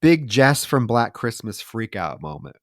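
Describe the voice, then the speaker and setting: A man's voice: lowish voice, a little slow, no room sound, studio quality. A man hosting a podcast, retelling a horror film scene by scene in a loose, profane way. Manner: lively, profane retelling with mock voices. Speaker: podcast host. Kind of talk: casual movie recap chat.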